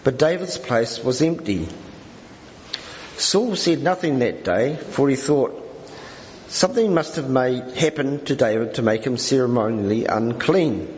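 A man reading scripture aloud during a church service, in a measured, steady way. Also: medium pitch. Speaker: scripture reader. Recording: echoey hall with faint noise.

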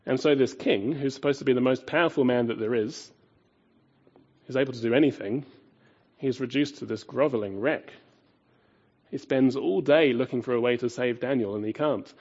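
A man preaches a sermon in a husky, warm voice. He presses his points with rhetorical questions, rising loud and dropping quiet. The recording sounds dull and lo-fi. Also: mid-range voice, normal speed.

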